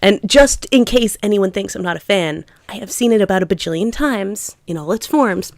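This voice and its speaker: A woman co-hosting a podcast in casual chat, talking fast and loose with many fillers and frequent laughs. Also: mid-range voice, animated, no echo. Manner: chatty, lots of "like" fillers, laughs often. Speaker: podcast co-host.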